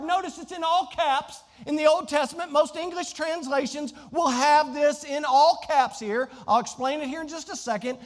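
A high, bright-pitched man with a Southern Virginia drawl preaches from the pulpit. He is animated and climbs to near-shouts when quoting scripture. His voice carries a long hall reverb around it. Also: normal speed, hardly any pauses. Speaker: pastor. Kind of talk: sermon.

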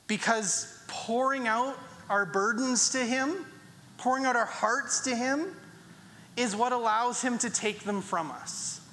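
A man's voice: very high voice, takes it slowly, sharp tone, a little hiss or hum. A man preaching a sermon in a conversational way, acting out prayers with rising emphasis. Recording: long hall reverb.

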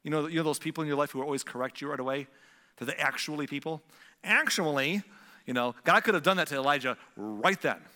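A man preaching a sermon as a pastor, swinging from loud emphatic lines to hushed whispers. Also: on the high side, fast. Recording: long hall reverb.

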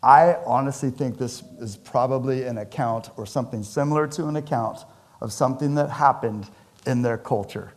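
Joking with the congregation, the pastor preaches in an energetic, conversational manner. His pitch and loudness swing widely throughout the sermon.

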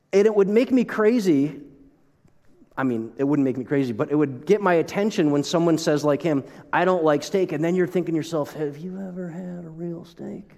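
Animated pastor in a reverberant hall. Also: male voice, a little high. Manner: animated, joking asides, frequent restarts. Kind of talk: sermon. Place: church sanctuary.

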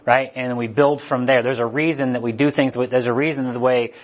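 A man's voice: medium pitch, fairly even intonation, a little fast, highs cut off. A man preaching a casual sermon in a conversational way, often checking in with "right?".

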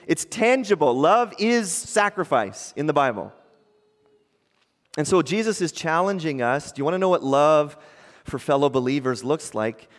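A man preaching a sermon as a pastor, conversational and animated, often asking the congregation rhetorical questions. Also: fairly high pitch, in a large hall.

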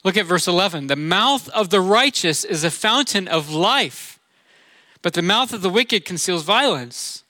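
Midwestern male pastor, middle-aged, bright tense tone, slightly high voice, dry close sound. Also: animated, normal speed, dry recording. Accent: Midwestern American. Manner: earnest, conversational preaching with rhetorical questions. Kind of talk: sermon.

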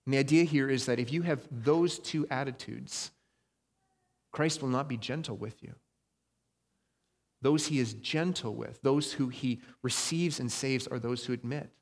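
A man preaching a sermon in a conversational way, slowing down and leaning on key phrases. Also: medium pitch. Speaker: pastor. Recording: long hall reverb.

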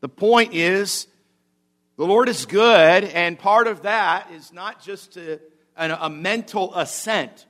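A pastor preaching to his congregation, his slightly high voice leaping up for emphasis and dropping low for asides. He talks in an animated, conversational sermon style. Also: takes it slowly. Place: church.

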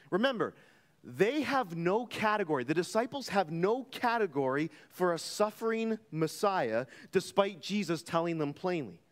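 A man preaching from the pulpit with a high, lively voice that rises and falls. He takes his time, leaning on each phrase with emphatic weight. The sound rings out with the long reverb of a church hall. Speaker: pastor. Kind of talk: sermon.

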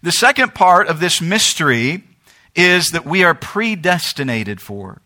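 Male pastor, sermon, high lively voice, bright, checks in with "right?". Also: a little slow. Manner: animated, talks straight to the congregation with frequent "right?". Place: church.

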